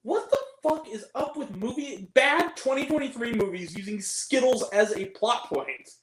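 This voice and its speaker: A man's voice: very high-pitched, lively intonation, moderate pace, reverberant, crowd noise, rough recording. Exasperated sarcastic man reviewing a movie. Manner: exasperated, sarcastic, laughs at the film. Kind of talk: ranting film review.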